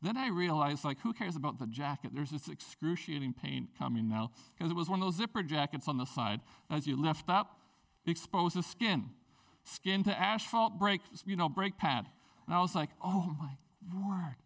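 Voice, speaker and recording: A man with a high-pitched voice preaching a sermon in a relaxed, conversational way. He tells personal stories, his voice swinging from hushed to loud and rising sharply when he makes his point. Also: moderate pace, gravelly. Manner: conversational storytelling with lively swings in pitch and loudness. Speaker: pastor.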